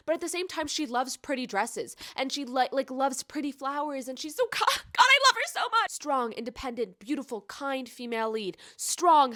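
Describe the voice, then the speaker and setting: A woman reviews a book in a casual vlog, gushing and effusive and leaning on "like" constantly. Her mid-pitched voice drops to a hush and then jumps to loud, excited bursts. The sound is close and dry. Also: dry recording. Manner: gushing, effusive, heavy use of filler "like". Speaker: book vlogger.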